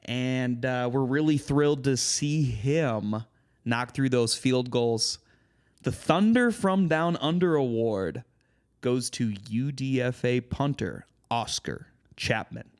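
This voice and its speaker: A young man hosting a sports podcast, leading the segment in animated casual chat. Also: medium pitch, slow. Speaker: podcast host.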